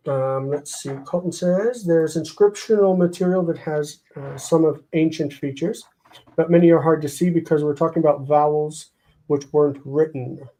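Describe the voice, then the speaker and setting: A man teaching a live online grammar lesson, sounding out words slowly and explaining their forms. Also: fairly high pitch, mellow, rough recording. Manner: explains, repeats words slowly, reads out comments.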